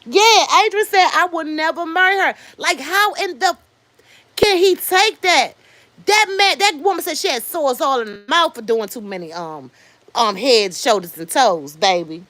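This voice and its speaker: A woman in her fifties hosts a casual livestream and gives her opinions bluntly. She swears freely and stops to answer viewers. Her voice sits fairly high, and the sound is dry and close. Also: lively intonation, a little slow, a bit bright, dry recording. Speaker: livestream host. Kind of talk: casual commentary.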